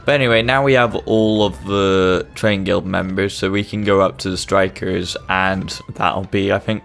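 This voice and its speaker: A man's voice: fairly low pitch, gravelly, fairly bright tone. A young man, chatty and self-mocking, commenting on his own gameplay. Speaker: gaming channel host. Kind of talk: let's-play commentary. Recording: gameplay video with faint game music behind.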